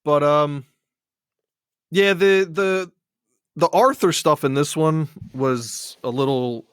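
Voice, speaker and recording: A man's voice: fairly high pitch, steady tone, smooth, no room sound, clean studio sound. A man with a Philadelphia accent, chatting casually as a podcast guest, often restarting his sentences. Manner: rambling, halting with restarts. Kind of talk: casual chat.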